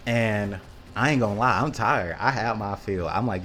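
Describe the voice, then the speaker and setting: Dude with a lowish voice just rambling a story, cussing a lot, lots of likes and ums. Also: male voice, normal speed, a bit bright, faint music behind. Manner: loose and profane, acts out the quotes with lots of fillers. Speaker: vlogger.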